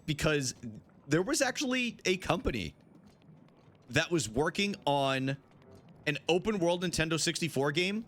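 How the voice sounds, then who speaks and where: A man's voice: sits high, fairly bright tone. A young man chatting casually with his live-stream chat while playing, swearing freely.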